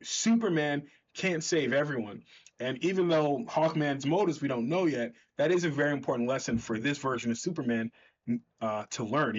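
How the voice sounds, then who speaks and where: A man chatting enthusiastically as he recaps a comic book, correcting himself as he goes, on a slightly dull recording. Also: medium pitch.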